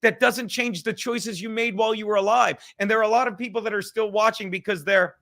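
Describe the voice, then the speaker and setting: A man's voice: high-pitched, steady tone, a little fast, fairly bright tone. A man hosting a podcast livestream, ranting in a heated, rambling way and swearing constantly. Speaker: podcast host. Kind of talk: profane livestream rant.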